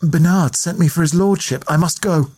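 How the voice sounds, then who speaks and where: A man's voice: fairly high pitch, normal speed, a little mellow, breathy edge, voice pushed up. A man voicing a frightened young female maid, speaking in a quivering, pleading way as he reads a ghost story. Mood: urgent.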